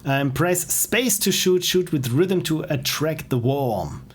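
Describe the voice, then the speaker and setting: A man's voice: a little high, animated, slow pace, husky. A man casually commenting while playing indie games on a stream, enthusiastic and self-deprecating. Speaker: game streamer.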